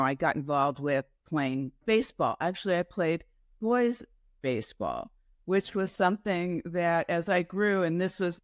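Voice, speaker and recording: A woman's voice: on the low side, no echo. Woman telling meandering stories, dry sound. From New York. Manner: meandering, with frequent asides and self-corrections. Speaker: guest entrepreneur. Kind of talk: casual interview storytelling.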